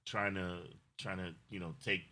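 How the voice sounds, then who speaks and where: A man's voice: low-pitched, level tone, moderate pace, pushed and bright. A middle-aged man co-hosting a casual livestream, talking in a rambling, effusive way and thanking viewers emotionally. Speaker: livestream co-host.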